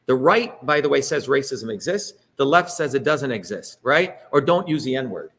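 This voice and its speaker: A man's voice: mid-range voice, big pitch swings, moderate pace, fairly bright tone. A middle-aged man giving an emphatic, rhetorical public talk with slides, often checking in with "okay?" and "right?". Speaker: speaker leading a political talk.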